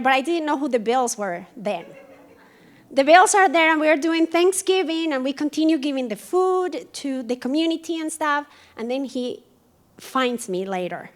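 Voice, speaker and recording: A woman with a strong Colombian Spanish accent speaks in a high voice. She tells her personal story at a museum event, animated and acting out each quoted exchange. Spanish is her first language, and it colors her English throughout. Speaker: dance company founder. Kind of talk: personal story told to an audience.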